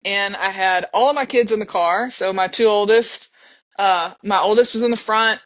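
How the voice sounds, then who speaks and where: A woman's voice: mid-range voice, moderate pace, dry recording. Earnest middle-aged woman. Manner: earnest, emotional, with restarts and laughs. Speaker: podcast guest. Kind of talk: casual storytelling.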